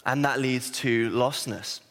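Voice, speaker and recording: A man, an assistant pastor giving a sermon, telling a self-deprecating story in an animated way. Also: mid-range voice, measured pace. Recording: reverberant hall.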